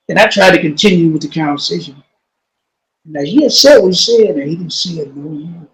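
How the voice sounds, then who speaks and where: A man telling a story in an interview, in street slang, often repeating himself and dropping to a low, quiet voice when he quotes someone. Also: fairly quick, poor audio. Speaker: interview guest.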